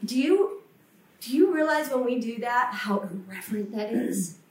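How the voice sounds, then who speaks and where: A woman's voice: fairly high pitch, lively intonation, moderate pace. A woman preaching a sermon with passion, acting out the voices of the people she quotes and repeating words for emphasis. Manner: impassioned, acts out quoted voices, emphatic repetition. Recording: echoey room, voice from a distance.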